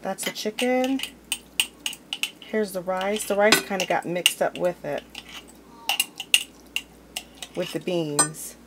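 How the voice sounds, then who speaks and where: A woman's voice: lowish voice, fairly even intonation, unhurried, heavy background noise. A woman hosting a home cooking video, talking casually and informally while she opens jars and plates food in her kitchen. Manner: chatty and informal, talks while handling food.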